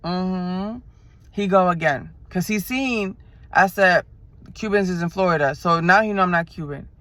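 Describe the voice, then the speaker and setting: A woman in her twenties from New York, with a New York accent, chatting in a car and telling a story in an animated, slangy way, acting out the people she quotes. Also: on the low side, measured pace, dry recording. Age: 20s. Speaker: vlogger. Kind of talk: casual storytelling chat. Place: inside a car.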